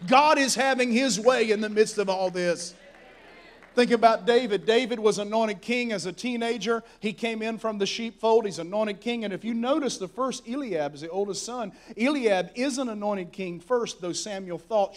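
High-voiced preacher, animated. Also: male voice, normal speed. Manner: animated storytelling, swings from soft asides to shouting. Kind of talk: sermon.

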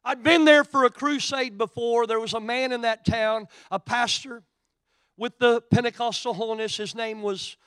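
A middle-aged man from Oklahoma with an Oklahoma accent, preaching a sermon and telling a story, shifting from quiet asides to loud, emphatic preaching. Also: very high voice, steady tone, moderate pace, smooth, no room sound. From Oklahoma, USA.

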